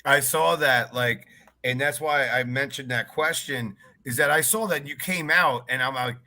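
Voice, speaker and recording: A man hosting a casual podcast, his voice bright and a touch higher than most men's. He asks questions and reacts with enthusiastic, conversational energy over a video call. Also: moderate pace. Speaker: podcast host. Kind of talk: casual interview chat.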